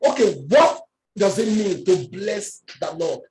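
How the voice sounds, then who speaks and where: A woman preaching a sermon with emphatic, drawn-out words and call-and-response questions. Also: medium pitch, expressive, a little mellow, a little hiss or hum. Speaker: pastor. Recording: echoey room.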